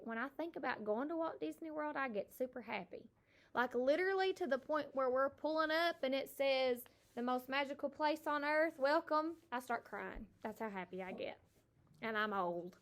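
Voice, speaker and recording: A middle-aged kindergarten teacher with a fairly high-pitched voice gives a recorded phonics lesson. She slowly sounds out each letter for young children.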